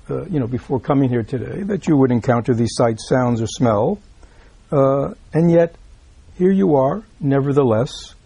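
A man with a husky, gravelly voice gives a dharma talk, pitched a little higher than most men. His tone is mellow, and he often stops to check that the listeners follow him. The sound is dry and close. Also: no echo. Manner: keeps checking in with "right?", repeats himself, drops into soft asides. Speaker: Buddhist teacher. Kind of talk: dharma talk explaining a read-aloud text.

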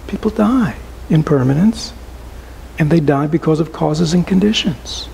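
A man giving a relaxed, conversational dharma talk to a small group as a Buddhist teacher, often asking rhetorical questions and adding "right?". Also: on the high side, measured pace, creaky, slight background noise, low-quality recording.

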